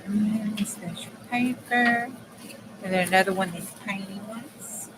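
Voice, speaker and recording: Working at her home craft table, a crafting channel host chats casually and folksy to her viewers, speaking straight to them in dialect phrasing. Her mid-range voice is a little slow, and steady background noise runs underneath.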